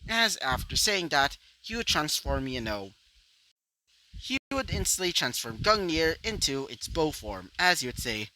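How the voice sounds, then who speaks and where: A man's voice: fairly high pitch, sing-song, measured pace, sharp tone, no room sound, low-quality recording. A man improvising a fan-fiction story aloud in a rambling way, his narration packed with fillers. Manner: rambling, full of "you know" fillers.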